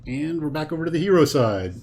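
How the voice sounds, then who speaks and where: A man's voice: fairly high pitch, lively intonation, quick pace, darkish tone. A man hosting a solo card game playthrough, thinking aloud as he counts cards and weighs each move from a home setup with a green screen. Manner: thinks aloud, counts cards, talks himself through choices. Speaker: host playing a card game.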